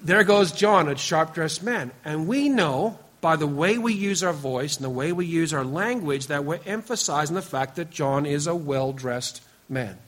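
A man preaching a sermon to his congregation, earnest and emphatic, often dropping to a quieter, lower voice and addressing listeners by name. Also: lively intonation, normal speed, few pauses. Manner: speaks directly to the congregation, teasing members by name. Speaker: pastor.

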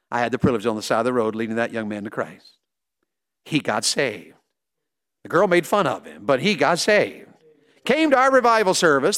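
Revival preacher, high male voice, dramatic storyteller, drops to near whispers. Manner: swings from soaring to hushed, acts out stories. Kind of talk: revival sermon.

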